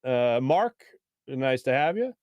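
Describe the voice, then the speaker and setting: A man's voice: medium pitch, big pitch swings, slow, darkish tone, dry recording. A man, hosting a sports talk show in a chatty, joking way, reading viewer comments and laughing often. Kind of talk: casual live-stream chat reading viewer comments.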